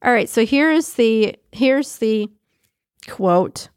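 A woman hosting a casual daily-quote podcast, reading passages and breaking into chatty, animated asides with frequent laughter. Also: fairly high pitch, takes it slowly, clear, resonant tone, no room sound, studio quality. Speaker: podcast host.

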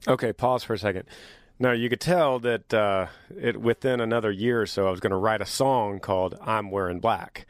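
A man hosting a casual solo podcast in an upbeat, chatty way, his voice deepened by years of singing. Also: steady tone, normal speed, no echo, studio quality. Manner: upbeat, chatty, teasing his younger self. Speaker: podcast host.

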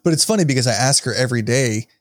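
A man's voice: mid-range voice, lively intonation, very fast, no room sound. A man on a podcast, chatting about his day at home in an easygoing way. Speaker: podcast co-host. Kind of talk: casual chat.

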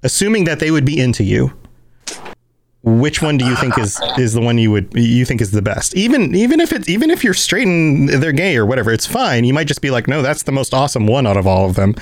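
A man's voice: medium pitch, very animated, brisk. A man hosting a casual game chat, rambling with frequent laughs and restarts. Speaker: podcast host. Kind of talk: casual chat about video games.

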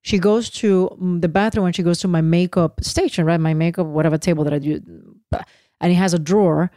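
Female co-host, 40s, animated storyteller, mellow and quick. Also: lowish voice, dry recording, clean studio sound. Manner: animated storyteller, acts out quotes. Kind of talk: casual podcast chat.

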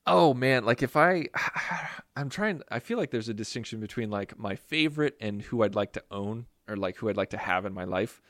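A man with a lowish voice chats casually on a podcast, rambling from one thought to the next. He teases his partner and mocks himself, peppering his talk with "like". The recording is dry and close-miked. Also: animated, moderate pace, few pauses, a bit bright, no echo. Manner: rambling, teasing, self-mocking, lots of fillers like "like". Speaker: podcast co-host.

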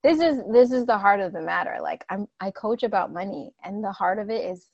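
A woman's voice: mid-range voice, brisk, darkish tone, dry recording, dull audio. A woman money coach hosting an interview, gushing, tearful at times and swearing casually. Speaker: money coach and podcast host. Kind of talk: emotional conversational interview.

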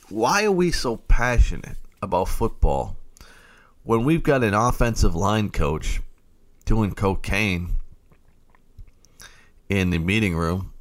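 A man hosting a late-night fantasy football radio show, ranting and getting fired up. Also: deep voice.

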